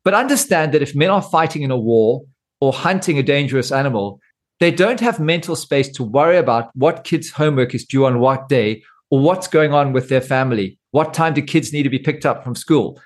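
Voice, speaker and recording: A man's voice: medium pitch, a little fast. A middle-aged man hosting a scripted monologue, with dry, self-mocking humor. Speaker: host.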